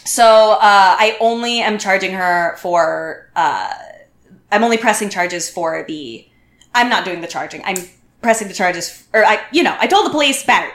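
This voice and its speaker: Bright, animated woman in an echoey room. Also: medium pitch, normal speed. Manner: animated, acts out quotes, many restarts. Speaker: podcast guest. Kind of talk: casual storytelling chat.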